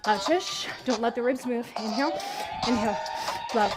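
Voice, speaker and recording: A woman fitness instructor guiding a workout, counting reps and calling breath cues in a steady rhythm. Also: on the high side, moderate pace. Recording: music playing behind the voice. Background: workout music.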